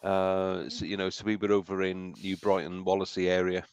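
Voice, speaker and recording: A man's voice: low voice, flat delivery, moderate pace, clear, resonant tone, no echo. A man from South Wales hosting a casual live-stream chat, rambling and searching aloud for a word he can't recall. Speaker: host.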